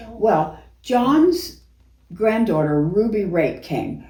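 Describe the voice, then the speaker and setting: A woman's voice: mid-range voice, lively intonation, slow. An older woman tells theater stories in an easy, chatty way, laughing through them. She sounds a little distant from the mic, and the room carries a roomy echo. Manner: chatty storyteller, warm laughs through anecdotes. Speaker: actress and singer, guest. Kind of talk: casual interview, reminiscing.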